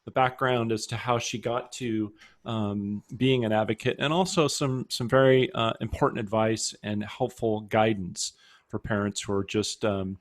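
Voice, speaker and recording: A man's voice: on the low side, steady tone, moderate pace. A man hosting an interview, speaking hesitantly with many um and uh fillers. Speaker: podcast host.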